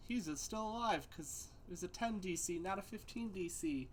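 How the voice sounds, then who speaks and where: A man running a tabletop game as game master, unhurried and self-deprecating, laughing often. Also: sits high, animated, a little hiss or hum.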